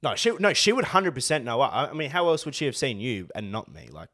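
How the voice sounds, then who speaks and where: Fast-talking, lively Australian man. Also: medium pitch. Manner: fast, sweary, animated banter. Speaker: podcast co-host. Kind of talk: casual chat.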